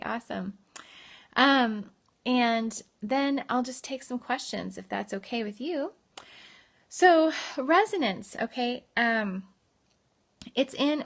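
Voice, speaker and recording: Woman vocal coach, bright ringing voice, fairly high, chatty and upbeat, casual livestream lesson over a phone. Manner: chatty, upbeat, reads out and answers viewer comments.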